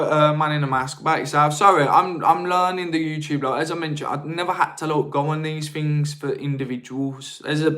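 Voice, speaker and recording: Fairly high and a bit bright, this is the voice of a young man running a marketing live stream. He keeps it casual, reading viewer comments and greeting people between his points.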